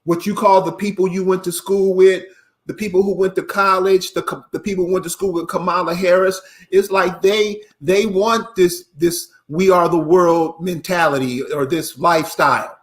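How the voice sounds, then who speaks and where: Male interview host, high voice, casual prompting style. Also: steady tone, normal speed. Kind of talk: interview questions.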